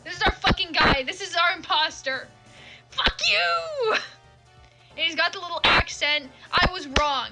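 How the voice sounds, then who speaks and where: A woman's voice: extremely high pitch, a little fast, hardly any pauses, over loud music. A young woman streaming a game, rambling and swearing in casual commentary. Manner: swears a lot, rambling, laughing asides. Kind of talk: casual let's-play commentary.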